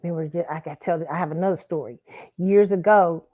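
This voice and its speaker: Talking fast in a low, dark-toned voice with fairly even intonation, a woman hosts her own talk show. She gives frank opinions on dating and tells a story, full of swearing and false starts.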